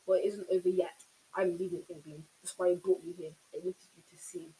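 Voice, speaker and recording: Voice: medium pitch, little pitch movement, brisk, natural voice, low-quality recording. A reader voicing a furious adult male villain who howls and gloats, storybook reading. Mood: gloating. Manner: howling, shouting.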